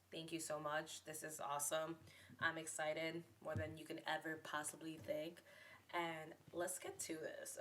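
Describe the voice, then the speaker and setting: A woman's voice: low-pitched, a bit bright. A young woman from New York City hosting a podcast in a chatty, rambling, playful monologue. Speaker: podcast host.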